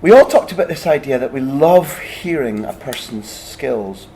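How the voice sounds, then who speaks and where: A man's voice: mid-range voice, lively intonation, normal speed, warm tone, slight background noise. A man hosting a podcast interview, asking long, searching questions scattered with fillers. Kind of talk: casual conversation.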